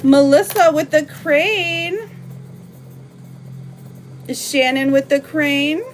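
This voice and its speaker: On a live stream, a woman with a high voice reads tarot cards, chatting warmly and casually with lots of fillers and slang.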